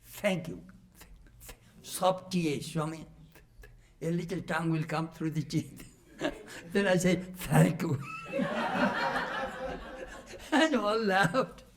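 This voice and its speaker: Animated older man telling stories. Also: high-pitched, slow, long pauses, noisy background. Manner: animated, laughing storyteller. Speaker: monk recalling his teacher. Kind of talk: storytelling talk to a retreat audience.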